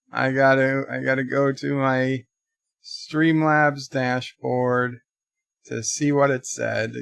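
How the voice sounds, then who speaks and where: A man's voice: mid-range voice, creaky, a bit bright, dry recording, studio quality. A man hosting a livestream in casual chat, reading out donations and viewer comments with wry, rambling remarks. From United States.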